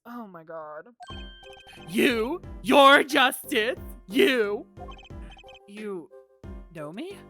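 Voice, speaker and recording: A woman streamer giving casual, excitable commentary on a game, swearing and laughing often. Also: fairly high pitch, takes it slowly, pauses often, soft background music.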